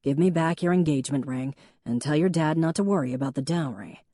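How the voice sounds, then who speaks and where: A woman's voice: sits low, lively intonation, fairly quick, warm tone, no room sound. A woman voicing a teasing young man who loves wine, in an audiobook. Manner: dry, teasing.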